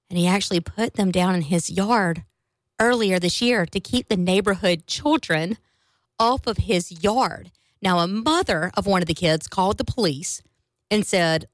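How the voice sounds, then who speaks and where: Woman radio dj chatting away, amused, middle pitch, dry studio sound. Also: a little slow, no echo. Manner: animated, amused storytelling. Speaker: radio host. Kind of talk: casual radio chat.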